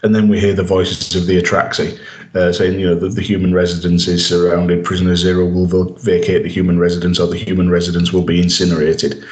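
A man's voice: deep voice, completely flat delivery, fast, darkish tone. A man co-hosting a podcast, eagerly retelling scenes and acting out the quoted dialogue in casual chat. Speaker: podcast co-host. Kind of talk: casual chat recapping an episode. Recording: roomy echoey room.

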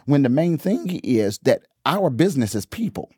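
Animated husky-voiced man preaching. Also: mid-range voice, moderate pace, dry recording, clean studio sound. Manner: animated, laughs often, repeats phrases for emphasis. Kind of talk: casual podcast talk drifting into preaching.

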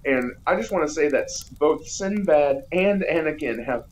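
A man's voice: on the high side, animated, moderate pace, a little hiss or hum, poor audio. A man co-hosting a podcast, joking his way through a casual movie review and retelling scenes in silly voices. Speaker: podcast co-host.

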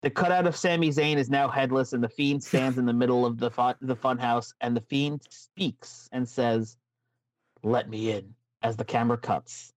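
A man's voice: mid-range voice, fairly even intonation, moderate pace, hardly any pauses, no room sound. A man co-hosting a casual podcast, telling a made-up show story in a chatty way. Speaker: podcast co-host. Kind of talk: casual chat, recapping a made-up wrestling show.

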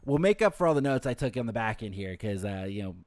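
A man co-hosting an anime rewatch podcast in casual chat, swearing freely and slipping into quick impressions of characters. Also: lowish voice, very animated, a little mellow, no room sound. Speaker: podcast co-host and editor.

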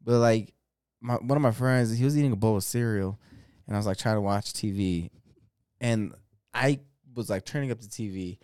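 A young adult man co-hosting a podcast, chatting casually and telling animated stories with frequent swearing and laughter. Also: fairly low pitch, normal speed, clear, resonant tone, no room sound, clean studio sound. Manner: animated storytelling, swears freely, laughs often. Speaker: podcast co-host. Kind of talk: casual chat.

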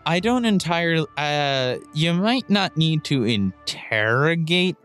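Level-headed man with a lively voice. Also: on the high side, measured pace, soft background music. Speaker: player. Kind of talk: casual tabletop role-play.

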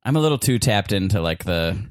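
A man's voice: fairly low pitch, expressive, dry recording, clean studio sound. A young man co-hosting a casual comedy podcast, rambling a bit and laughing often between his remarks. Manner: giggly, rambling, quick to laugh. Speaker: podcast co-host.

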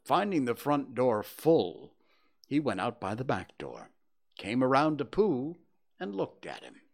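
A man reading a children's story aloud in a gentle, storytelling manner. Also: medium pitch, big pitch swings, a little slow, creaky.

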